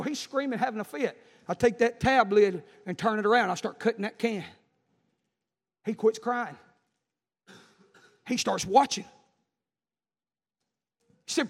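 A man preaching a fiery sermon in a church, moving between shouted exhortation and folksy storytelling. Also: sits high, moderate pace, long pauses. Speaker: pastor. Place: church sanctuary. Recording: echoey church hall.

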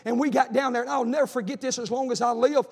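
A man preaches a fervent, repetitive revival sermon with personal testimony and folksy asides. His voice is very high-pitched with a breathy edge, fast, and fairly even in intonation. The long reverb of a large hall surrounds him.

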